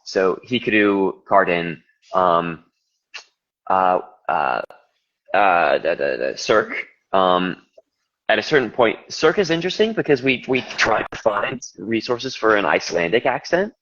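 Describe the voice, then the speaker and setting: A man's voice: lowish voice, very animated, unhurried, fairly bright tone. A young man, an audiobook narrator, chatting casually from a hotel kitchen over a video call and rambling with lots of fillers. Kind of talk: casual live chat. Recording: lo-fi livestream audio.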